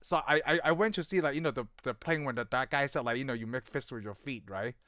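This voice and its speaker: A middle-aged man chats casually about a favorite movie, laughing often and running loose and excitable. His voice is smooth and resonant, recorded close and dry with no room sound. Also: mid-range voice, quick pace, dry recording. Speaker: podcast co-host.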